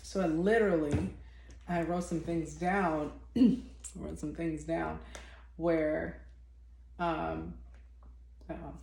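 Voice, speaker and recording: Her voice sits low and creaky with a darkish tone and little pitch movement, and she speaks slowly with long pauses. She is a faith vlogger offering off-the-cuff spiritual teaching, emphatic and blunt, often repeating herself and restarting her sentences, in a roomy, echoing space.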